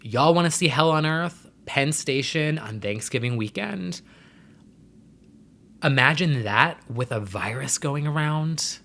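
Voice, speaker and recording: Young adult male vlogger, fairly high voice, bright and forward, rambling casual chat with sassy asides. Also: expressive, slow pace, gravelly. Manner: rambling, chatty, sassy slang. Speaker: vlogger host.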